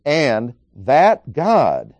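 A man's voice: medium pitch, wildly swooping pitch, extremely slow, a little mellow, no echo. A man preaching an expository Bible lesson, working through numbered points and reading scripture aloud.

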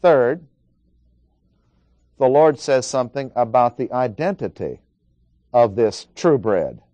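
A man's voice: mid-range voice, animated, takes it slowly, warm tone, no room sound. A man preaching an expository Bible lesson, working through numbered points and reading scripture aloud.

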